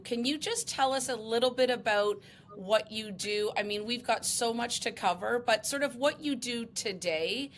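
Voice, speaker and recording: A woman's voice: medium pitch, fairly bright tone, slight background noise. A woman hosting a podcast interview, talking in an enthusiastic, effusive way. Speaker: podcast host. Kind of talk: warm interview chat.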